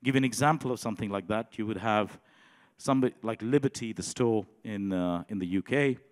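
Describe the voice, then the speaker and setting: A man giving a conference presentation in a measured way, often pausing with um and you know. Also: lowish voice, big-room sound. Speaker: conference speaker. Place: conference hall.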